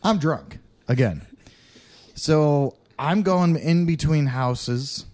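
A man's voice: fairly high pitch, slow pace, a little mellow. A man co-hosting a podcast, telling a rowdy story in casual chat, swearing often and laughing through it. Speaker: podcast co-host.

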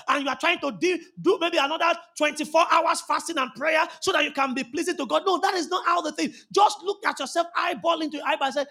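A man with a Nigerian accent preaching a sermon as pastor, fervent and often shouting, repeating phrases for emphasis. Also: very high voice, lively intonation, fast, hardly any pauses.

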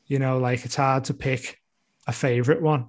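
A man chatting casually about comedy, rambling and slipping into quick impressions. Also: mid-range voice, steady tone. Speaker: comedian guest. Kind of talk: casual chat.

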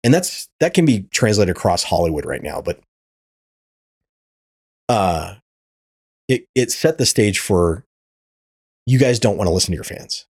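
A man's voice: lowish voice, big pitch swings, a little slow, pauses often, a little mellow, husky. A man hosting a podcast, ranting in casual chat, swearing freely and stumbling over repeated words. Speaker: podcast host.

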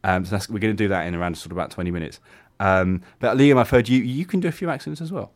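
A man's voice: on the low side, fast. A young English man hosting a radio show, chatting casually with many ums and laughs. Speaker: radio host.

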